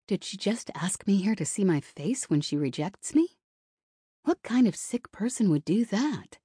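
Woman narrator, husky, mellow, dry studio sound, wry first-person reading. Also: mid-range voice, very animated, measured pace, no echo. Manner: wry and self-conscious. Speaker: audiobook narrator.

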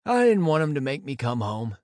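A man's voice: medium pitch, sing-song, a little fast, darkish tone, no echo, clean studio sound, close to an everyday voice. A man voicing a casual, teasing teenage boy in an audiobook, with a playful, easygoing delivery.

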